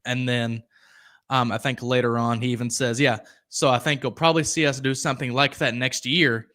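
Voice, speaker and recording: A young man hosts a sports podcast in casual live-stream commentary, rambling off on tangents and reading viewer comments aloud. His mid-range voice is fairly bright, with a steady tone and moderate pace.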